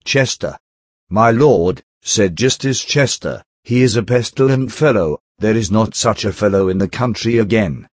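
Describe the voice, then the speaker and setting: A man giving a steady, measured narrated reading of an old text, reading out the speaker tags. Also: fairly low pitch, no room sound, studio quality. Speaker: audiobook reader.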